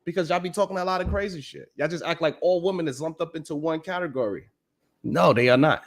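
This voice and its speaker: The live-stream show host here has a slightly high voice and talks fast. He rolls through a profane, blunt monologue with casual emphasis, repeatedly asking "you know what I'm saying."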